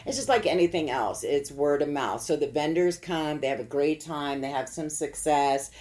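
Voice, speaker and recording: A woman hosting a relaxed community chat, her voice sitting very low. She talks in an upbeat, chatty way and laughs easily. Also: normal speed. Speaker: host. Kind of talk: casual radio chat.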